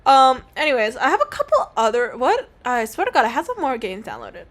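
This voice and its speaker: A woman's voice: high voice, huge pitch swings, fairly quick, fairly bright tone. A young woman streaming a game, talking in a casual, rambling, self-mocking way with some swearing. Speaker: gaming streamer. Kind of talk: casual let's-play commentary.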